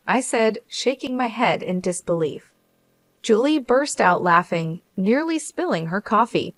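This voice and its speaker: A woman reading a first-person story as the narrator, in an even, measured way. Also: mid-range voice, dry recording.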